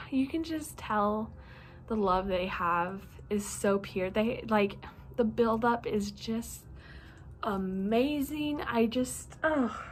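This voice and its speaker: A young woman with a fairly high voice chats about her reading in a bubbly, rambling way, stringing thoughts together with lots of "like". She sounds sleepy and yawns between thoughts. A faint room hiss sits under her voice. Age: young adult. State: sleepy, yawning. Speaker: reading vlogger. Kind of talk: casual chat.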